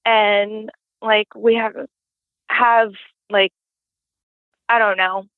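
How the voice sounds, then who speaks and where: A woman's voice: medium pitch, little pitch movement, very slow, no echo. A woman calling in to tell a story in a casual, rambling way, full of "like" fillers. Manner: rambling, heavy use of "like" fillers. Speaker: guest caller telling a paranormal story. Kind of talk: casual storytelling over the phone. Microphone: phone. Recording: tinny phone line, dry.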